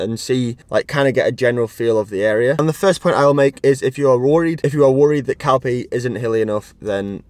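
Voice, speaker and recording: A man's voice: medium pitch, no room sound. A young man from Ireland, a cycling vlogger chatting casually to camera, partly while out riding on the road. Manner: chatty, talks while riding and catching breath. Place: outdoors on the road.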